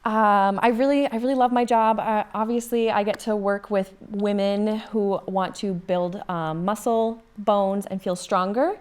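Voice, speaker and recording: A woman's voice: medium pitch, fairly even intonation, unhurried, few pauses, a little mellow, clean tone. A woman with a Minnesota accent, a bodybuilding coach chatting as a podcast guest in an earnest way, with frequent ums and restarts. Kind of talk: casual podcast chat.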